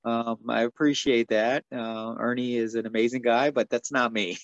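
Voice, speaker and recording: A man's voice: medium pitch, flat delivery, moderate pace, few pauses, dry recording, lo-fi sound. A man from the United States, a martial artist and stuntman, telling stories easily in a casual interview with lots of fillers. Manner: easygoing, filler-heavy storyteller.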